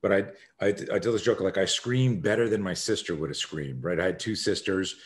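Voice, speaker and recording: A man with a fairly low voice tells a story as a podcast guest. He is an animated storyteller who acts out the scenes as he talks. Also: a little fast. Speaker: guest, self-defense expert.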